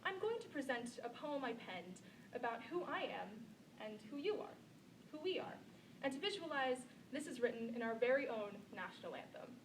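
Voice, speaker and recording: Woman speech-contest competitor with a high voice, earnest and measured, picked up from a distance. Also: animated, slight background noise. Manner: earnest, measured oratorical delivery. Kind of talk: memorized contest speech with a recited poem.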